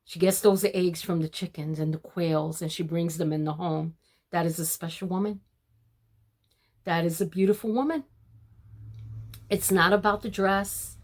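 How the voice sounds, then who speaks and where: An older woman, a grandmother, talking casually to her viewers about homemaking and faith, addressing them as ladies in a warm, preachy way. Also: mid-range voice. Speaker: homemaking vlogger. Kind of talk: casual devotional talk to viewers.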